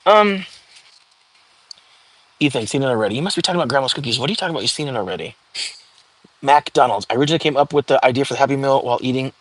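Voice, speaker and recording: A man's voice: mid-range voice, expressive, rapid-fire, pauses often, dry recording. Chatty young man hosting a livestream. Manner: chatty and easygoing, reacts to viewer comments as they come. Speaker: livestream host. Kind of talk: casual livestream chat, reading comments aloud. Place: home.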